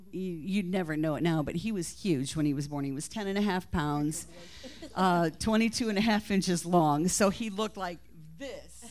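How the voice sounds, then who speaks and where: A woman's voice: lowish voice, darkish tone, smooth. A middle-aged woman, the host's mother, telling tender family stories in a church talk, laughing and near tears. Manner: tender storytelling, laughing and teary. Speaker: mother of the host, guest.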